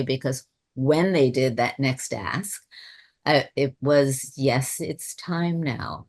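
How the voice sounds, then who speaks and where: A woman telling a personal spiritual story on a webinar, in a reflective, rambling way, often restarting her sentences. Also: a bass voice. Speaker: webinar speaker. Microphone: video call.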